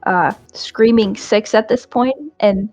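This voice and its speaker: A woman's voice: mid-range voice, slow pace, darkish tone, no echo, lo-fi sound, soft background music. A woman playing a tabletop role-playing game, chatting casually with many fillers. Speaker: player.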